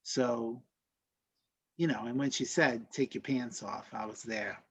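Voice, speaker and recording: A man's voice: mid-range voice, fairly even intonation, unhurried, a bit bright, slightly rough, no echo. A man hosting a podcast in casual chat, leading the discussion. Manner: chatty, leads the discussion. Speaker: podcast host.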